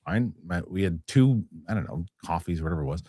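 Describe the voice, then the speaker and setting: Animated, excitable man telling a story. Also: deep voice, a little fast, slightly rough, no echo, studio quality. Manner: animated storytelling, frequent restarts and swearing. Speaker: show host. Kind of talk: casual podcast chat.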